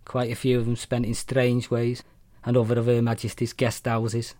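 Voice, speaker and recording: A man with a Mancunian accent reading a short story aloud, blunt, profane and wry in a deadpan way. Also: medium pitch, normal speed, no echo. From Manchester, England.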